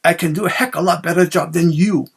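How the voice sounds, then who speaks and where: A man's voice: on the high side, fairly even intonation, fast, vocal fry, breathy edge. A man doing a surly southern chauffeur. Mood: fed up. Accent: American Southern. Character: surly fed-up male chauffeur, southern drawl.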